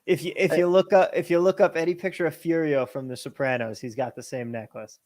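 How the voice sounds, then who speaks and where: Co-host, male, New Jersey accent, raised pitch, jokey storyteller. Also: fairly quick. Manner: joking, animated storyteller. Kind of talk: casual livestream chat.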